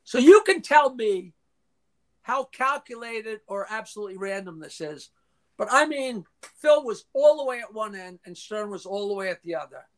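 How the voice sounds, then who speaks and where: An older man, a guest in a casual interview, tells long anecdotes full of restarts, swearing and acted-out quotes, clearing his throat now and then. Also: high voice, lively intonation, normal speed, fairly bright tone. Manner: profane, frequently clears throat.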